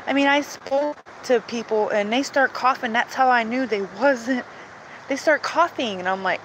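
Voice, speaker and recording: A woman's voice: on the high side, moderate pace, a bit bright, faint music behind, low-quality recording. A woman talking earnestly and emotionally in a rambling personal monologue, pleading at times. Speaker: vlogger sharing religious visions.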